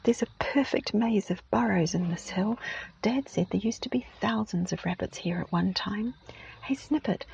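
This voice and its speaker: A woman voicing twin young farm boys, calling out loudly and urgently in a raised voice, recorded muffled and lo-fi in a car. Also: medium pitch, normal speed, creaky, slight background noise, pitched above the performer's own voice, close to an everyday voice. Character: two excited young farm boys, twins.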